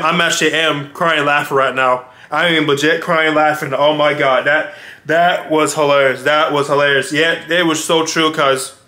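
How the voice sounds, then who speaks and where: A man in his twenties hosting a reaction video, excitable and slangy, often exclaiming and calling his viewers y'all. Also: a little high. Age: 20s. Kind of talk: casual reaction commentary.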